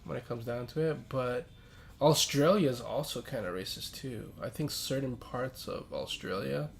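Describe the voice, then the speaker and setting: Gravelly-voiced young man, laid-back. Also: medium pitch, normal speed. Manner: laid-back, hedging, easygoing. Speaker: podcast co-host. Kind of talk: casual chat.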